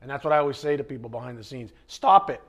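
A man's voice: mid-range voice, fairly even intonation, rapid-fire. A man teaching the Bible in a conversational way, blunt and fond of rhetorical questions.

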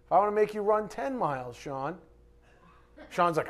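A man preaching a sermon, asking his congregation rhetorical questions and swinging between loud emphatic bursts and quiet asides. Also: high-pitched, expressive, normal speed. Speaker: pastor.

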